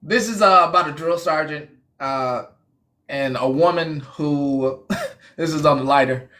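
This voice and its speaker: A man's voice: fairly high pitch, a little slow, pushed and bright. A man hosting a casual call-in show, laid-back and laughing often, sometimes losing his train of thought. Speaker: host of an online call-in show. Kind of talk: casual live-stream chat.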